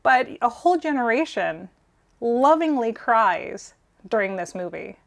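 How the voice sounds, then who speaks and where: A woman's voice: fairly high pitch, big pitch swings, unhurried, vocal fry. Sentimental woman in her forties gushing. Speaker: collector co-host. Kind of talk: casual vlog storytelling.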